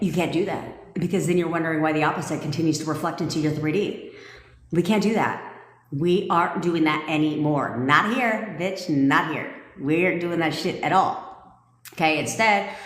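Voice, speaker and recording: A woman manifestation coach on a live stream, talking in a sassy, profane, emphatic way. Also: on the low side. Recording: echoey room with long reverb.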